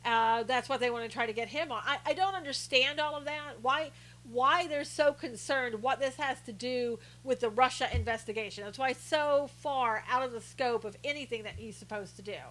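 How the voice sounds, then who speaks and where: Lady on a live stream, bit high voice, rambly chat, says hi to viewers. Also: normal speed, a bit bright, rough recording. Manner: chatty, reads viewer comments aloud, many restarts. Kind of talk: casual political commentary.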